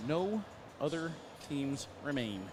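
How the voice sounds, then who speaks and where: A man's voice: fairly high pitch, very animated, slow pace. An American man casually announcing matchups and bantering with his co-host at a cornhole tournament. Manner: joking, dry banter. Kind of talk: casual commentary, reading match lineups. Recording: noisy event venue.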